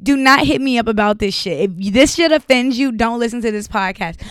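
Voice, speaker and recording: A woman's voice: on the high side, a little fast, smooth, no room sound, studio quality. Blunt, profane woman hosting a solo podcast. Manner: blunt, profane, laughing often. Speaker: podcast host.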